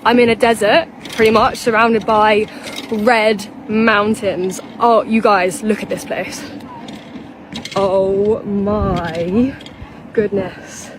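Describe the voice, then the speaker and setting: A young woman from England vlogging outdoors in a desert canyon, slow, awestruck and close to tears. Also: medium pitch, fairly even intonation. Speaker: travel vlogger. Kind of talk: casual travel vlog. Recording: outdoor phone clip with clear background noise.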